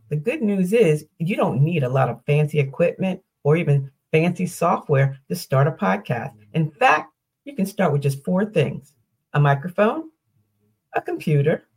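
An older woman hosts her own podcast, teaching solo in an upbeat, step-by-step way, asking questions and going through lists. Her voice is fairly low and a little mellow, with a breathy edge.

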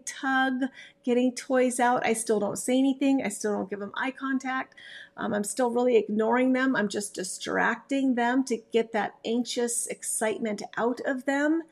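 A woman with a gravelly, fry-tinged voice that sits a little higher than most. She talks through dog-training advice in a loose podcast monologue. Her delivery is emphatic and chatty, and she often stops and restarts her sentences.

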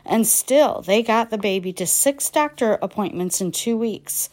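A woman's voice: mid-range voice, animated, a little slow, a little mellow. A woman, a writer, reading her personal essay aloud in a wry, plain manner.

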